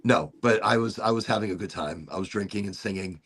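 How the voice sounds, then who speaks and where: A man's voice: fairly low pitch, a little fast, fairly bright tone, slightly rough. A man hosting a casual chat, telling a story with lots of swearing and putting on mock British voices for the people he quotes. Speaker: host.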